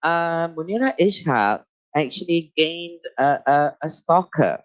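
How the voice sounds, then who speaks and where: Halting Malaysian man hosting a talk show. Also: fairly high pitch, lively intonation, no echo. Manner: halting, fills pauses with uh and um, repeats phrases. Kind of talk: live online talk show monologue. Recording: muffled lo-fi dry sound.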